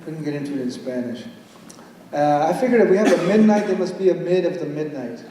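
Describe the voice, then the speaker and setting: A poet gives a playful live reading with banter, switching between English and Spanish. His voice is fairly high, expressive, brisk, and warm, heard from far off in an echoey hall with a little hiss or hum.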